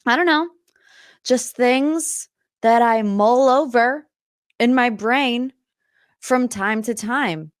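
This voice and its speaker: A woman's voice: on the high side, slow pace, pauses often, no echo, clean studio sound. A young woman hosting a pop culture podcast in a chatty, rambling style with lots of tangents. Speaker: podcast host. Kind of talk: casual pop culture chat.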